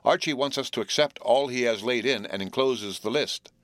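A man's voice: medium pitch, moderate pace, no room sound, pitched above the performer's own voice, lightly acted. A man voicing an earnest teenage boy who leads his friends and explains the trip plans, in a dry storybook reading. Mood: explaining. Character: eager teenage boy, trip leader, steady.

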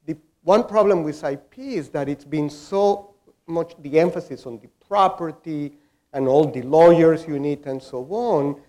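A man's voice: fairly high pitch, unhurried, mellow. A man speaking as a panelist in a discussion, explaining his point with everyday examples.

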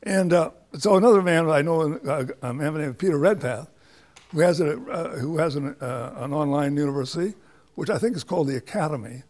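A man's voice: fairly high pitch, fairly quick, darkish tone. An older man, a professor, answering a student's question in an informal lecture with a rambling, anecdotal way of talking and many restarts.

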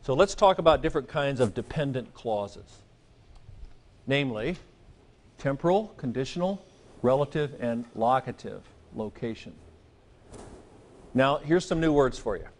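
A man's voice: medium pitch, expressive, measured pace, long pauses. Man teaching a class, checking in often. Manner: conversational, checks in with "okay?", light asides. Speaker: Greek teacher. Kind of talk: classroom lecture.

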